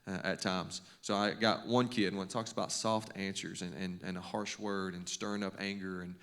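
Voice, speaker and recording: A man's voice: low voice, flat delivery, moderate pace, a bit bright. A middle-aged man, a coach giving a devotional talk to a men's group in a folksy, conversational way with many restarts. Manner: conversational, lots of restarts and stammers; folksy, self-deprecating humor. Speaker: basketball coach and teacher.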